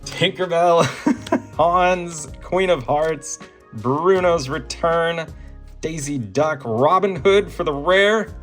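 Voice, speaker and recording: A man's voice: a little high, takes it slowly, loud music behind the voice. A man hosting a card-opening vlog, calling out each card and gushing when a big pull appears. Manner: gushing, animated, breaks into laughter and shouts at big pulls. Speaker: card-opening channel host. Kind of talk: excited pack-opening vlog.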